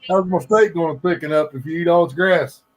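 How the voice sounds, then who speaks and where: A man's voice: a little high, brisk. Laughing, foul-mouthed casual man. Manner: joking, swears freely, laughs often. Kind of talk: casual group chat.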